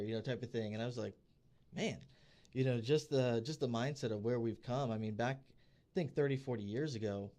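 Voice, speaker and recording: A man's voice: medium pitch, brisk. Chatty man telling a story. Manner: animated storyteller who acts out quoted people. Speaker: podcast co-host. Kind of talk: casual chat, storytelling. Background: podcast studio.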